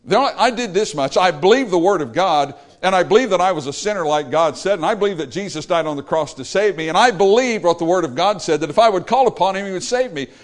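A male preacher delivering a sermon, rising to loud exclamations and dropping to quiet, low lines. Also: expressive, fast talker, few pauses.

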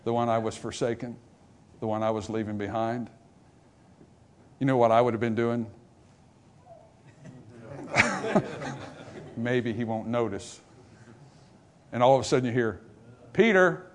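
Preaching revival to a church congregation, this man alternates booming, rising passages with low, quiet moments and plays out little conversations between characters. He speaks at normal speed and pauses often.

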